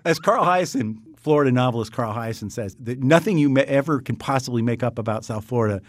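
An older man from New York, a guest humorist in casual radio chat, telling wry stories with an animated, laughing delivery. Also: mid-range voice, quick pace, no echo, clean studio sound.

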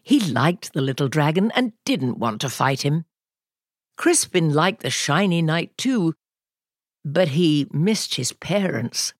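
A woman host reading a children's storybook aloud in a gentle, expressive way. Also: low voice, takes it slowly, no echo, clean studio sound. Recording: music bed under the voice.

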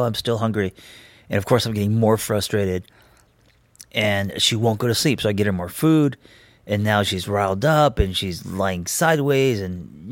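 Low-voiced man musing candidly. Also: dry recording. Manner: candid and reflective, loosely rambling with frequent ums. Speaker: podcast host. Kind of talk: casual personal monologue.

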